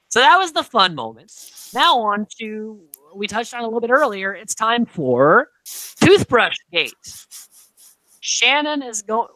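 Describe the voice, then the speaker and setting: A young woman co-hosting a casual podcast, recapping a reality show with animated storytelling, acting out quotes, laughing and swearing freely. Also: medium pitch, no echo, low-quality recording. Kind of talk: casual chat.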